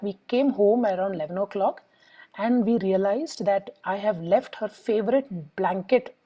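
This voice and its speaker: A woman's voice: mid-range voice, warm tone, rough recording. A middle-aged woman with an Indian English accent, a psychologist explaining emotions to parents step by step in a lecture and acting out the lines of clients and children. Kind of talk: lecture with examples.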